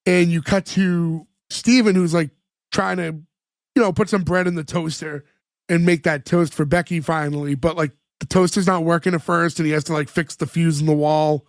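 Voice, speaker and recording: High-pitched dude recapping a sitcom on a podcast, dry close mic, lots of "like"s. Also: male voice, steady tone, moderate pace, no room sound. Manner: chatty, many "like" fillers, laughs while retelling scenes. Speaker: podcast co-host. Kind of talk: casual chat recapping a sitcom episode.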